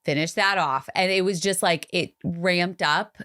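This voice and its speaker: Candid woman podcast co-host, lowish voice. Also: a little slow, fairly bright tone. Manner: candid, confiding, conversational. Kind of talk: casual interview chat.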